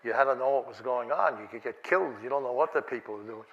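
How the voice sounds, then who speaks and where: In a conference lecture hall, an older keynote speaker chuckles and rambles through an anecdote-heavy talk full of false starts and fillers. He speaks fast at a medium pitch, and the recording sounds muffled.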